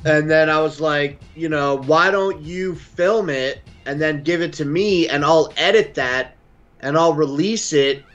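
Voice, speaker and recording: Canadian man on a live talk show, crude and joking, higher-pitched, slightly dull audio with faint music. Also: unhurried, fairly bright tone. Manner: profane, joking, slips into a mock Aussie accent. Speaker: guest. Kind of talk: casual chat.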